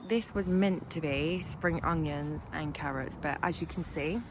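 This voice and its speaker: A woman's voice: low voice, unhurried. A young woman chatting casually to camera while working on her allotment plot, self-deprecating and full of ums. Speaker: allotment vlogger. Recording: outdoor camera audio with noise.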